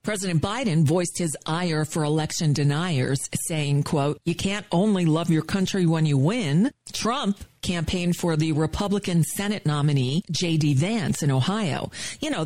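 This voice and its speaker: A woman's voice: low voice, darkish tone, no room sound. A woman hosting a news segment, reading headlines with sarcastic asides. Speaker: news host. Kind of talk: sardonic news commentary.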